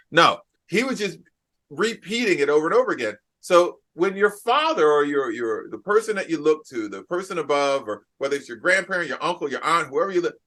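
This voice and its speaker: A man's voice: a little high, expressive, fairly quick, pushed and bright. A man from New Jersey hosting a podcast interview, talking emphatically and repeating phrases for effect. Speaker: podcast host and keynote speaker. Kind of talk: casual interview chat.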